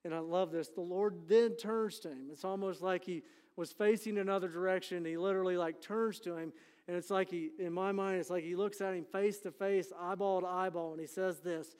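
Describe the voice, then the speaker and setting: A man's voice: high-pitched, fairly even intonation, normal speed, darkish tone, clear, resonant tone, big-room sound. A middle-aged man preaching a sermon as pastor, folksy and conversational, often asking for an amen. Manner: conversational and folksy, frequent "you know" and "amen". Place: church sanctuary.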